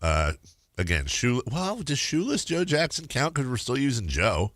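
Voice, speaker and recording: A man hosting sports radio in casual, playful banter. His voice is bright and swings widely in pitch. The booth sounds dry and close. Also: big pitch swings, dry recording. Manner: playful, riffing, quick to laugh.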